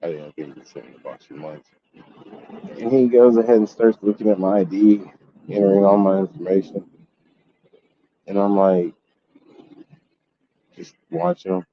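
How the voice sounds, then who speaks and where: A man's voice: low-pitched, normal speed, pauses often, dull audio. A man telling a story in a casual gaming vlog, swearing and venting his frustration. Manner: profane, exasperated ranting. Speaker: gaming YouTuber.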